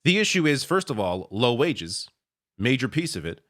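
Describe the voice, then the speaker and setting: A man's voice: medium pitch, big pitch swings, moderate pace, a bit bright. Male commentator, mid-range voice, sarcastic and exasperated delivery. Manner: sarcastic, exasperated, laughs often. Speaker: political commentator. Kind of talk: reacting to news clips.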